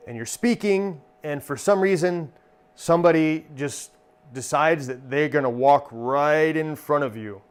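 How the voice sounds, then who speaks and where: A magician and comedy performer giving a friendly, jokey lesson on stock lines for handling hecklers. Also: male voice, on the high side. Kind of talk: instructional talk.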